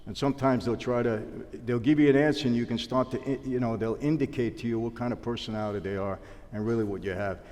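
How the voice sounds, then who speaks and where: A man's voice: mid-range voice, fast talker, big-room sound. A man telling stories in a sit-down interview, acting out the dialogue. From New York. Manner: animated storyteller acting out dialogue. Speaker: interview guest, former mobster.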